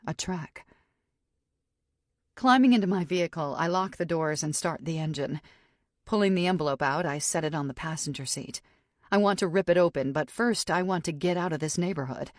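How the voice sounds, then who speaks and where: Low-voiced woman narrating an audiobook. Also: darkish tone, dry recording, studio quality. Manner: measured, tense inner monologue. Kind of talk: scripted first-person narration.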